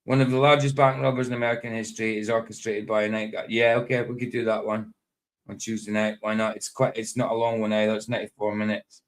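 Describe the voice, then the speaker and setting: A man's voice: on the low side, level tone, fast. A man hosting a live stream in casual, rambling chat, often chuckling and talking to himself.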